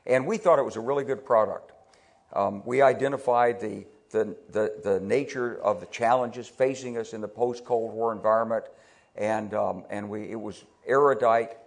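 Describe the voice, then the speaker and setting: A man's voice: lowish voice, moderate pace, gravelly. Older American man giving an anecdotal talk. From United States. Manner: conversational, repeats words when restarting, quotes people in lively put-on voices. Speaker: retired army general giving a talk.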